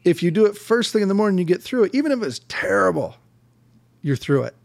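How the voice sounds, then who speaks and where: Gravelly, slightly high-voiced male host. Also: sing-song, fast talker. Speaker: podcast host. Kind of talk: casual interview chat.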